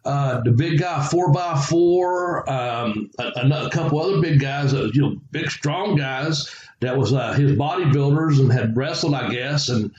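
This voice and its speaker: Over a noisy crowd, the ex-wrestler co-host chuckles his way through rambling stories, imitating the voices he quotes. He speaks at an unhurried pace with medium pitch, and the audio is dull and echoey.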